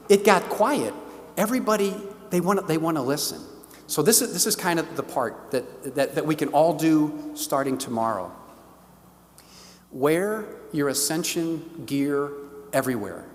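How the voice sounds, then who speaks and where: Animated St. man in a reverberant church. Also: fairly high pitch, moderate pace. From St. Louis, Missouri. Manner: animated, enthusiastic storyteller who acts out the dialogue. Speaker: diocesan stewardship director giving a parish talk. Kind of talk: storytelling church talk. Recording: long reverb of a church hall.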